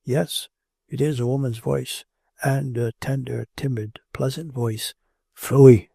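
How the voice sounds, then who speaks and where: A self-doubting middle-aged monk speaks with earnest, gravelly self-reproach, as a man reads him in an audiobook. The voice is dark and husky, with a dry close sound. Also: medium pitch, steady tone, a little slow, no room sound. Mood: alarmed.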